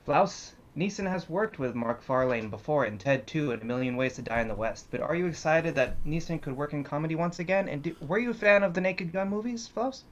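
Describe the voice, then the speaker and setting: A man on a comedy panel with a somewhat high voice. He reads film news in an earnest tone and plays along with the bit. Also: expressive, brisk, hardly any pauses, lo-fi sound. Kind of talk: casual comedy panel chat.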